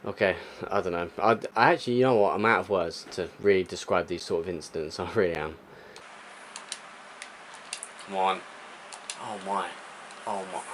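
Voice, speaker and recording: In live gameplay commentary on a football video game, a young gaming YouTuber speaks at normal speed with a low, slightly bright voice and long pauses, against slight background noise. He goes from muttering to frustrated exclamations.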